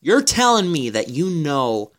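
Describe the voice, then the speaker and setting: Casual podcast co-host, man, playful needling, lively swinging pitch. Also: measured pace. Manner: teasing, mock-indignant ribbing.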